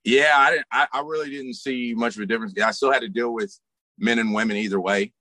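A man's voice: mid-range voice, fairly even intonation, fast, pushed and bright, dry recording. A man, a former bouncer, talking casually about his work, in a laid-back storytelling way with many fillers. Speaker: interview guest, former bouncer. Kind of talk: casual conversation.

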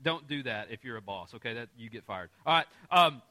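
Lively intonation and a bright, forceful tone mark this pastor's mid-range voice, which runs a little fast. His sermon breaks scripture down into everyday terms with gentle humor and regular conversational check-ins with the audience.

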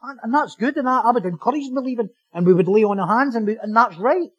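Pastor guy mid sermon, dry close sound, animated and jokey, says stuff over and over. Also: very high voice, quick pace, slightly rough, no echo, dull audio. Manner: animated, joking, repeats phrases for emphasis.

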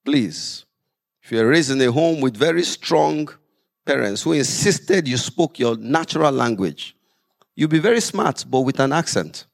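A man preaching a sermon as pastor, lively with humorous asides. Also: medium pitch, a little slow, creaky.

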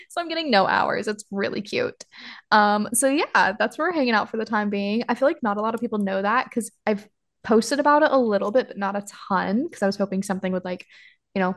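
A young adult woman co-hosting a casual podcast, telling her own story with wry, self-mocking humor. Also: mid-range voice. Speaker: podcast co-host.

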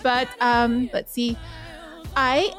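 A woman coaching a guided treadmill workout, calmly counting down each interval. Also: fairly high pitch, normal speed, faint music behind. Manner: calm, counts down in threes. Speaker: running coach.

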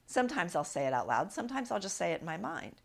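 A woman's voice: lowish voice, very animated, fast, gravelly. A woman hosting an advice podcast as a relationship coach, talking in a direct, encouraging way and often checking in with listeners.

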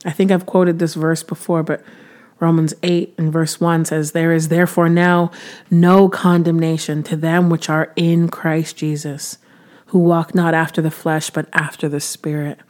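A woman's voice: low voice, flat delivery, a little slow, darkish tone. A woman in her thirties giving a casual devotional talk to camera. She sounds earnest and chatty, with frequent restarts and sudden bursts of preacher-like emphasis. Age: 30s. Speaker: Christian vlogger sharing devotional encouragement.

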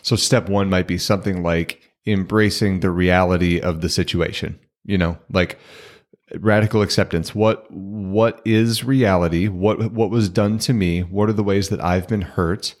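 A man co-hosting a faith podcast, laying out steps toward forgiveness in a measured, teacherly way. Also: sits low, steady tone. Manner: measured, teacherly, gently emphatic. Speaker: podcast co-host. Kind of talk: reflective teaching in conversation.

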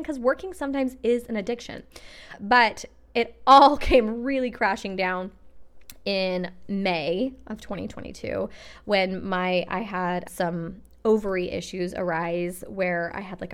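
A woman's voice: fairly high pitch, a bit bright. A young adult woman hosting a solo podcast, talking in a chatty, earnest way full of "like" and "literally". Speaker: podcast host. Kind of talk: casual solo podcast monologue.

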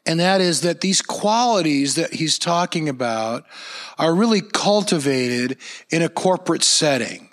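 A pastor delivers a conversational sermon. He sounds earnest, and his voice sits a touch high for a man. He tells stories plainly, often restarting a phrase or repeating a word before going on. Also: expressive, a little slow, a bit bright. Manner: earnest, storytelling, frequent restarts and repeated words.

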